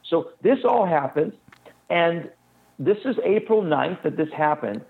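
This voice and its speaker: A man telling a detailed story in a fast, urgent way as a guest in an interview. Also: on the high side, expressive, gravelly, slightly rough. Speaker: guest recounting an incident. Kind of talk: phone-in interview account. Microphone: telephone. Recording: tinny phone line.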